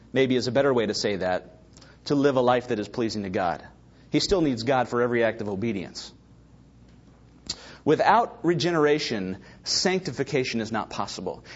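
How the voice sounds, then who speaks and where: A man preaching a sermon, emphatic and building to loud stresses, with a slightly husky voice. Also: on the high side, dull audio. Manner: emphatic, rising to shouts for stress.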